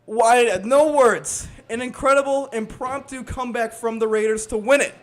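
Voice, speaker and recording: Excitable high-voiced young baseball announcer. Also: male voice, normal speed. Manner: excitable, shouting at big plays. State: out of breath. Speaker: play-by-play announcer. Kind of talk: live baseball commentary.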